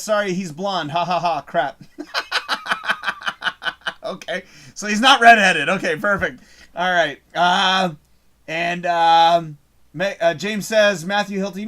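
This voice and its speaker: A man's voice: sits high, fairly bright tone. A man hosting a live show, reading out chat messages in a casual, rambling way, swearing often and losing his train of thought.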